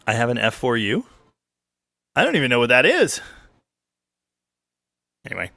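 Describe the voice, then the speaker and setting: With no room sound behind him, a weekly car livestream host speaks at a normal speed in a mid-range voice with vocal fry and long pauses. He reads viewer comments aloud, joking and rambling with lively ups and downs.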